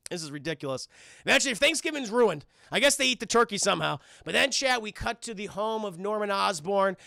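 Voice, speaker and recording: A man recapping a film for a live chat in an excitable, profane way, constantly addressing the viewers. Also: high voice, fast, vocal fry, no room sound, clean studio sound. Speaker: film reviewer and streamer.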